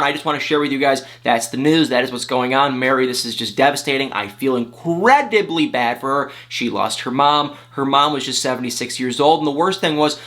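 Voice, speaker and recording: A man's voice: on the high side, pushed and bright. A young man hosting a casual celebrity gossip video, talking emotionally and with lots of emphasis straight to his viewers. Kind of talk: casual reality TV gossip commentary to camera.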